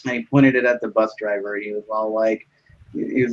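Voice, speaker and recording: Young dude rambling a story, lots of likes and swears, sounds kinda muffled. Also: male voice, lowish voice, steady tone, brisk. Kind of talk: casual chat.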